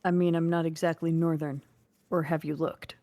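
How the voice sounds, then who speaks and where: A woman playing a character in a tabletop game, speaking earnestly and pausing on fillers as she works things out. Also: low voice, level tone, warm tone. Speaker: player. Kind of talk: in-character tabletop role-play.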